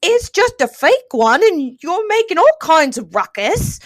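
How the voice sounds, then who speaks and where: A woman putting on a flustered, scolding posh British cat lady in a loud, shrill voice. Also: very animated, a little slow, dry recording, clean studio sound, full character voice.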